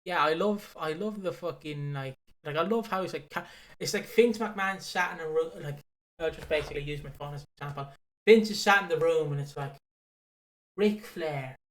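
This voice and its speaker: With a fairly high voice at normal speed, a young podcast co-host chats loosely about wrestling, an excitable storyteller who rambles and curses often.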